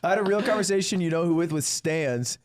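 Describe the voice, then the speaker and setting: A man's voice: a little high, lively intonation, fast. A young man, a podcast host, bantering casually and playfully, half-apologizing while laughing.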